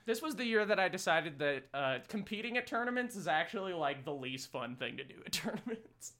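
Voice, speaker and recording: A man's voice: on the high side, very animated, brisk, sharp tone. A man co-hosting a podcast in casual chat, rambling, swearing freely and laughing often. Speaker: podcast co-host.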